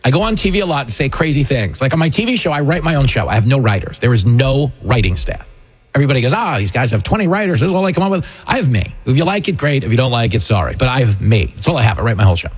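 A middle-aged man hosting a talk radio show, giving mocking political commentary full of jokes and mimicked voices. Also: medium pitch. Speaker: radio talk host and comedian.

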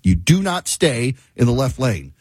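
Husky, animated man ranting. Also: mid-range voice, measured pace, dry recording. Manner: animated, exasperated, sarcastic. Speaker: talk show host. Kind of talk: ranting monologue.

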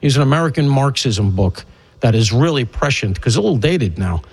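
A man's voice: medium pitch, lively intonation, fairly quick, darkish tone, husky, poor audio. Emphatic, rambling talk radio host man. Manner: emphatic, rambling, wry asides. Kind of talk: opinionated talk radio monologue.

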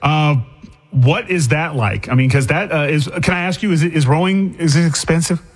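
A man's voice: a little high, normal speed, husky. A middle-aged man from Boston hosting a radio show, chatty, with stumbling restarts. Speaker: radio host. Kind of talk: casual radio interview.

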